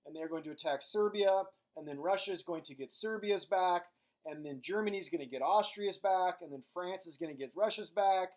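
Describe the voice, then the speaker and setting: His voice sits high with a darkish tone: a middle-aged history teacher delivering a recorded lecture loosely and humorously. He voices the different countries in quick, goofy impressions.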